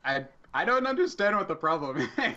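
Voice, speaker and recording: A man's voice: high-pitched, sing-song, brisk, bright, forceful tone, dull audio. A man playing a tabletop game, hesitant and full of ums. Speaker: player. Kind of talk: casual tabletop chat.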